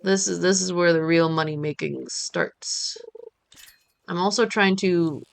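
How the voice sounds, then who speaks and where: A woman's voice: on the low side, measured pace, creaky. A woman streamer chatting playfully while she plays, talking to the game as she goes. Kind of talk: casual gameplay chat.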